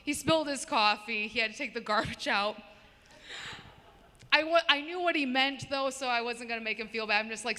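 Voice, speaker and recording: A woman's voice: a little high, moderate pace, bright, forceful tone. A woman doing a stand-up comedy set, chatting with the crowd between stories. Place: comedy show venue. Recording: long reverb in a hall.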